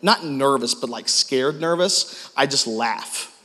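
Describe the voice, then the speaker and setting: A man's voice: mid-range voice, slow pace, sharp tone, big-room sound. A man preaching a sermon as pastor, telling stories about himself in a self-deprecating way.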